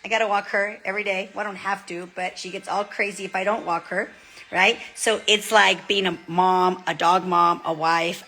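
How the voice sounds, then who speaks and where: Woman, 30s, vlogger; casual, chatty, bright tone, playful quoting. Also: mid-range voice. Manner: chatty, animated, acts out quotes. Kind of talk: casual chat to camera.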